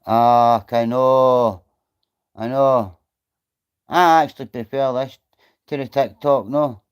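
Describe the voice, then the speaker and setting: A middle-aged man with a Scottish accent speaks slowly in a clean, mid-range voice with fairly even intonation. He is reading chat on his livestream, casually answering viewers in a blunt manner full of swearing.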